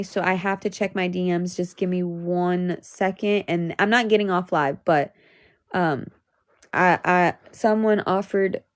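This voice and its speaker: A young woman venting on a live stream, her voice cracking near tears, swearing often and restarting her sentences. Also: fairly low pitch. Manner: profane, repetitive, restarts sentences. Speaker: livestreamer.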